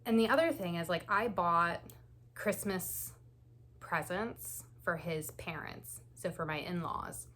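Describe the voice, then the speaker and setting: A woman's voice: fairly low pitch, takes it slowly, a bit bright, a little hiss or hum. A woman hosting a knitting channel, telling stories in a chatty, casual way with frequent laughs and lots of "like"s. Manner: chatty, laughs often, many "like"s. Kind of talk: casual knit-and-chat storytelling.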